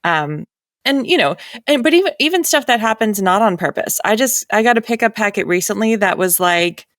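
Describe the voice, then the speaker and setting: Woman narrator, light New England accent, mid-pitched, dry close sound; talky and quick to laugh. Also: lively intonation, a bit bright, dry recording. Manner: chatty, laughs often, many fillers. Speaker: audiobook narrator. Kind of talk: casual panel chat.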